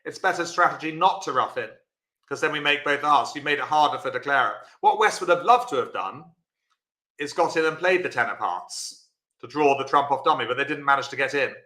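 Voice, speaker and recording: A man's voice: fairly high pitch, expressive, a little fast, bright, forceful tone. Man, bridge teacher, chatty and encouraging, live-stream lesson, echoey room. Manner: chatty, encouraging, answers viewers by name.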